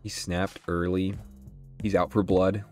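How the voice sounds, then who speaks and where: Low-voiced man swearing through gameplay commentary. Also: a little slow, faint music behind. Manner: excitable, swears often, thinks aloud. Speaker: gaming channel host.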